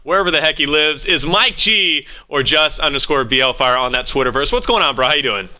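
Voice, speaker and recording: A man's voice: fairly high pitch, fairly quick, sharp tone. A man hosting an esports interview in an upbeat, eager, hype-style delivery. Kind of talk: casual hosted interview.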